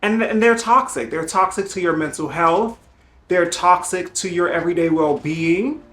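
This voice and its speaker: A woman's voice: fairly low pitch, moderate pace, a bit bright. Sassy woman vlogging at home, chatty, echoey room, bit of music. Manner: sassy, chatty, calls viewers girl and child. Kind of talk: casual chat to viewers. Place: home apartment while packing to move.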